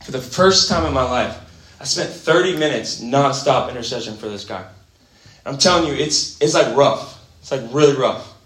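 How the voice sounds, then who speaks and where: A young man preaching an energetic sermon, animated and casual, swinging from quiet asides to shouting and calling listeners bro and man. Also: mid-range voice, normal speed. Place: church gathering hall. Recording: echoey room.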